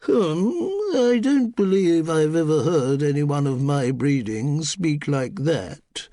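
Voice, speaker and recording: A man's voice: a little high, animated, slow pace, dark tone, no room sound, clean studio sound, pitched above the performer's own voice. A man voicing an imperious elderly aristocratic duchess, haughty and pompous in her clipped speech.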